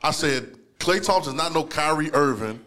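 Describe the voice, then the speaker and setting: A man's voice: on the high side, animated, moderate pace, over a noisy crowd. A man hosting a casual podcast, encouraging, with many short agreeing replies. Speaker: podcast host.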